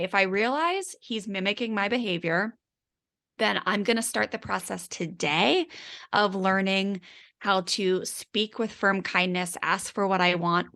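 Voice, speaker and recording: A woman's voice: medium pitch, a bit bright. A woman parenting coach in a casual interview, chatty and full of "like" fillers, acting out her own inner voice.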